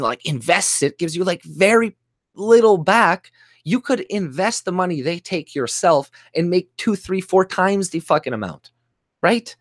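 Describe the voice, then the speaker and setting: A man's voice: sits high, no room sound, clean studio sound. A man from Canada ranting angrily about politics on his own channel, swearing constantly and mocking the people he argues with. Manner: heated, profane, swearing constantly; mocks others in put-on voices. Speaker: YouTuber. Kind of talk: angry political rant.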